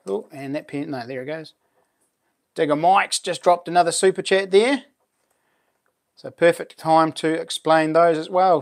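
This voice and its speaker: A man with a New Zealand accent hosting a casual live stream, chatting loosely and thanking viewers for their support. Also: a little high. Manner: chatty, thanks viewers warmly, lots of fillers and laughs. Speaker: livestream host and knifemaker.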